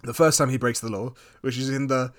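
A man's voice: mid-range voice, steady tone, a little fast. Teasing mock-stern male podcast co-host. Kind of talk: casual podcast chat.

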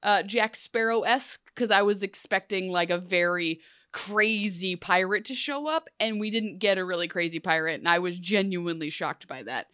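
Animated young woman recapping, dry sound. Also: medium pitch, moderate pace, clean tone, no echo. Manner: animated, acts out characters' lines in jokey voices. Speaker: podcast co-host. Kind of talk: casual chat recapping a TV episode.

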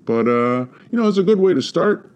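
A man's voice: on the high side, big pitch swings, brisk, a little mellow, highs cut off. An actor playing a sleazy male butcher who sells human meat, with casual, rambling salesman patter. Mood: pushy. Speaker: shopkeeper.

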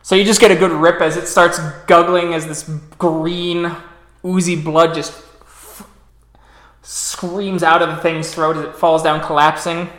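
A man acting as storyteller for a tabletop role-playing game, calling out dice rolls with relaxed "uh" pauses. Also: a little high, echoey room.

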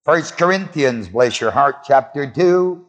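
A man's voice: medium pitch, animated, unhurried. A man preaching a sermon, quizzing his congregation with call-and-response questions. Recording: long hall reverb.

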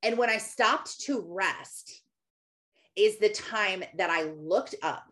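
A woman in her thirties talking about faith in a relaxed, chatty storytelling way. She fills her speech with casual fillers, and her voice sits in a mid-range pitch. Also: slow pace. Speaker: Christian speaker. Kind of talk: personal faith talk.

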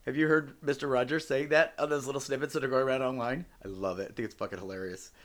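A man's voice: mid-range voice, steady tone, fast, a bit bright. A man hosting a solo podcast, speaking English as a second language, talking bluntly and with plenty of profanity in a joking way. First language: not English. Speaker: podcast host.

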